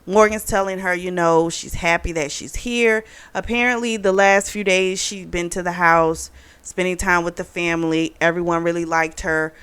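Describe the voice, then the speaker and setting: A woman summarizing a romance novel for her online book club. Her voice sits a little low, and she talks in a loose, chatty way, full of "you know" and "like." It sounds like an informal, unscripted recap. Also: fairly even intonation, moderate pace, a bit bright, clean tone. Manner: chatty, retells plot with many fillers. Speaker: book reviewer.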